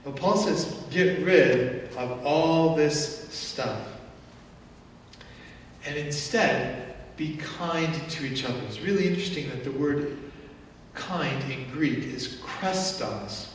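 A male pastor preaching a sermon in a church, animated and conversational, acting out angry outbursts as he speaks. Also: a little high, measured pace, a little hiss or hum. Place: church sanctuary. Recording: echoey church hall from far off.

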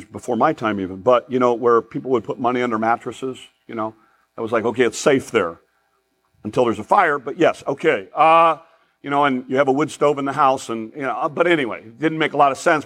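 A man's voice: mid-range voice, fairly bright tone. A man preaching a sermon in a conversational way, full of asides and tangents.

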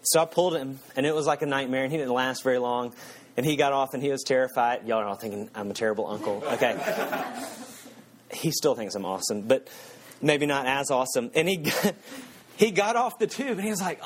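A man's voice: mid-range voice, brisk, noisy background. A man, preaching a sermon and telling a self-mocking story with frequent chuckles. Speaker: pastor. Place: church.

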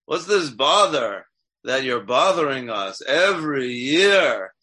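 A man's voice: mid-range voice, sing-song, slow, pushed and bright, slightly rough. A man teaching a text class as a rabbi, asking his students questions and checking in with them often. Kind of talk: interactive Torah class.

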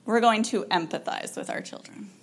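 A woman counselor giving an informal talk to parents, chatty and animated, with frequent ums and laughs, acting out what parents and children say. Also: mid-range voice, moderate pace. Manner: animated, acts out quoted parent and child lines.

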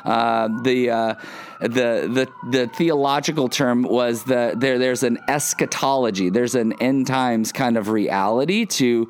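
A man's voice: mid-range voice, measured pace, slight background noise. A man preaching a casual sermon, rambling with many fillers and self-deprecating humor. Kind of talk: casual sermon with personal story.

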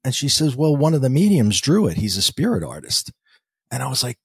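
A man's voice: medium pitch, big pitch swings, moderate pace, husky, dry recording. A man, a podcast guest telling a story and acting out the dialogue. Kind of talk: storytelling interview talk.

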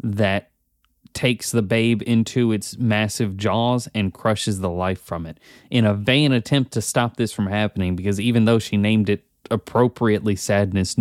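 A man's voice: on the low side, no echo, studio quality. A man co-hosting a podcast in casual chat, explaining points with emphasis. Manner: emphatic explaining, addresses co-host by name. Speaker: podcast co-host.

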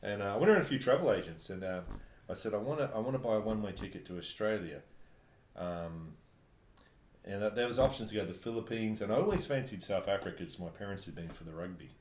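A man from New Zealand telling travel stories in casual chat, animated and laughing often. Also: on the low side, fast. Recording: echoey room, faint background noise.

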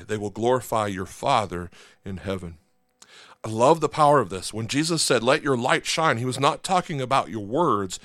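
In a clean, echo-free studio recording, a man with a mid-range, somewhat bright voice preaches a conversational sermon as a pastor, checking in with listeners and seeking the congregation's agreement.

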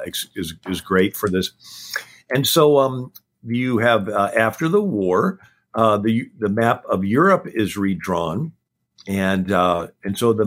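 Low-voiced man lecturing at speed. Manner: talks fast, packing in facts one after another. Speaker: historian guest. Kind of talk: rapid-fire history lecture on a talk show.

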